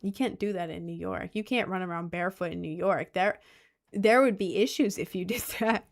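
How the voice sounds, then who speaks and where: A woman's voice: lowish voice, brisk. A young woman streamer chatting casually in a rambling way, with lots of fillers. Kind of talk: casual chat.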